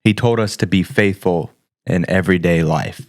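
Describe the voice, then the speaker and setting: Deep-voiced man, dry close sound. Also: moderate pace, dry recording. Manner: earnest, encouraging, chatty with fillers. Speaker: podcast co-host. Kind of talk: casual faith podcast chat.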